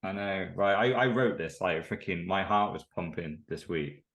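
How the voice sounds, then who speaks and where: Male podcast host; low voice, animated casual storyteller. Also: moderate pace. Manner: animated storytelling, swears freely.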